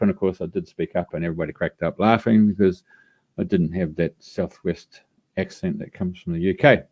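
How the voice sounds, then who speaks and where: A man's voice: sits low, fairly even intonation, a little fast, slightly rough, dull audio. A man hosting a live radio show, introducing a guest in a rambling way with many fillers. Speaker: radio host.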